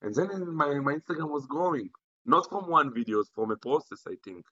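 A young Israeli man, a native Hebrew speaker, rambles playfully through a casual chat and circles back over his words. His voice is bright and hard-edged, and it comes through a muffled video call. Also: on the high side, expressive, brisk, slightly rough. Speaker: guest.

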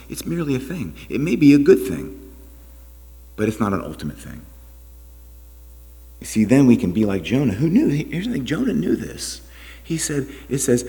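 A man preaching a sermon as pastor, with animated delivery, rhetorical questions and quiet asides. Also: medium pitch, fairly quick, gravelly. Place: church sanctuary. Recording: long reverb of a church hall.

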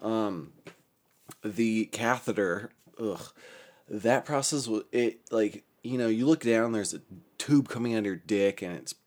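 A man's voice: on the low side, unhurried, a little mellow. A young man telling a story in a casual, rambling way, swearing a lot, often breaking off mid-sentence and laughing at his own account while recovering from a stroke.

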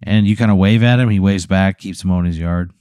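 Relaxed host improvising a tale; low, mellow voice, dry sound. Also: male voice, fairly quick, clear, resonant tone, dry recording. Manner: laid-back, rambling, many fillers. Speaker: podcast host. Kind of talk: improvised storytelling.

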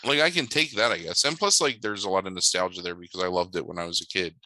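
A man telling stories in casual chat, animated, swearing now and then and acting out the voices of people in his anecdotes. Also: deep voice, quick pace, dry recording, poor audio.

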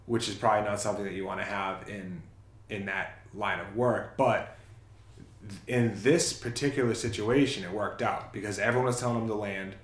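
A man's voice: lowish voice, roomy sound. A man casually retelling a film's plot in a rambling, self-correcting way on a chat show. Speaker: podcast co-host. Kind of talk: casual movie recap chat.

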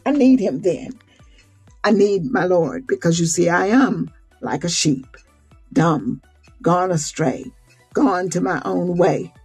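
A husky, breathy older woman shares devotional thoughts and prays at a slow pace. Her voice sits a little low and mellow, and she often restarts her phrases gently. Faint music plays behind her. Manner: slow, heartfelt, with soft restarts. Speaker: host of a devotional broadcast. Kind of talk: devotional talk and prayer.

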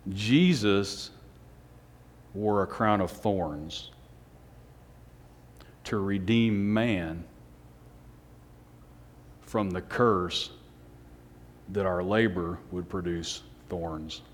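A man's voice: deep voice, extremely slow, long pauses. A man preaching a casual sermon to a small group, conversational, asking the room questions and chuckling. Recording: long hall reverb.

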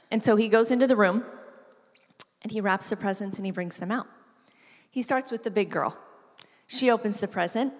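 A woman's voice: mid-range voice, creaky. A woman giving a sermon, telling a family story and acting out the voices in it. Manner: storytelling, acts out voices with animated shifts. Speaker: preacher. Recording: reverberant hall.

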